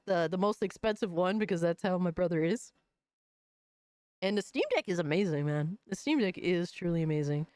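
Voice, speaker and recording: A woman's voice: mid-range voice, dry recording, studio quality. A woman hosting a casual livestream, chatting in loose, profane slang and often breaking into laughter. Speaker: livestream host.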